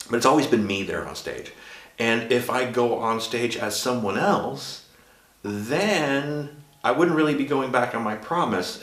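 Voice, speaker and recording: A man's voice: fairly low pitch, a bit bright. A man in his fifties from Sweden, speaking with a chosen American accent in a candid, chatty vlog monologue full of asides and restarts. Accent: American, put on by a Swedish speaker. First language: Swedish. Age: 50s. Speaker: vlogger. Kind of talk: casual personal monologue. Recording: roomy echo.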